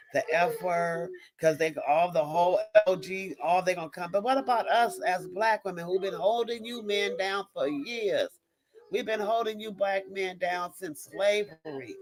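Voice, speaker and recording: A woman's voice: fairly low pitch, poor audio. Fiery woman ranting on a live stream. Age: adult mother of young kids. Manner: emphatic, repetitive, stops and restarts mid-sentence. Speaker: livestream host reading viewer chat. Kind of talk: impassioned live-stream rant.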